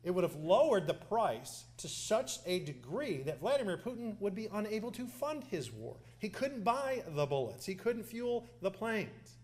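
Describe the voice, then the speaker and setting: A man's voice: high voice, very animated, normal speed, hardly any pauses, darkish tone, pitched above the performer's own voice. A man doing an impression of a brash former male president who speaks in boastful, repetitive superlatives.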